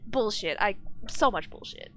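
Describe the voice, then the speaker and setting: A woman's voice: mid-range voice, huge pitch swings, moderate pace, vocal fry, a bit bright. A young woman chatting casually on a live gaming stream, rambling, ranting now and then and reading chat aloud.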